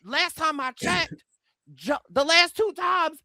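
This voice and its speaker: A man co-hosting a casual TV recap podcast, excitable and laughing often, breaking into quoted voices. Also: very high-pitched, slow pace, creaky, no room sound, clean studio sound. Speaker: podcast co-host.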